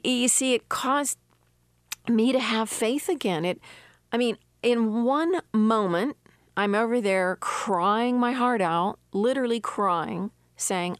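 A woman's voice: fairly high pitch, dry recording, studio quality. An older woman with an earnest, emphatic manner, reading scripture and giving a personal devotional testimony. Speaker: devotional speaker.

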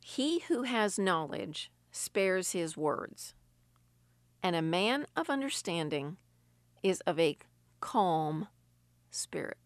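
Slow-speaking earnest woman teaching scripture. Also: lowish voice, very animated, no echo. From Sicily. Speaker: Christian speaker. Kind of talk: devotional teaching.

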